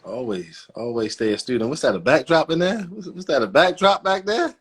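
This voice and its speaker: Laid-back man from Maryland, fairly high voice. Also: lively intonation, a little fast, slightly rough. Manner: laid-back, chuckling, slangy. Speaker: co-host. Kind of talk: casual talk-show chat.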